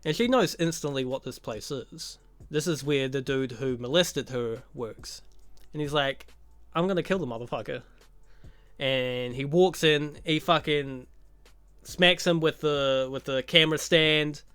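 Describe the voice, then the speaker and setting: A man's voice: fairly high pitch, unhurried, a bit bright, smooth, no room sound. A man giving a casual, profane recap of a movie, full of sarcastic jokes and laughing asides. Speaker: YouTube movie commentator.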